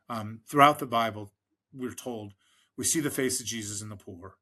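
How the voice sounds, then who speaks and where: A middle-aged American man with a bright, forward voice tells rambling stories in a podcast interview. He fills his speech with ums and restarts and slips into the voices of the people he quotes. His pitch sits at an ordinary level for a man. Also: measured pace, pauses often. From United States. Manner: rambling anecdotes, frequent fillers and restarts, acts out quoted people. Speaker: fundraising expert guest. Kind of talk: conversational storytelling in a podcast interview.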